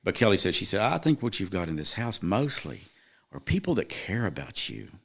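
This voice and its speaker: Middle-aged guy on a podcast, really low voice, earnest and emphatic, telling his own story. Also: very animated, a little fast, a bit bright. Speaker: podcast guest. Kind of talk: personal storytelling in casual podcast chat.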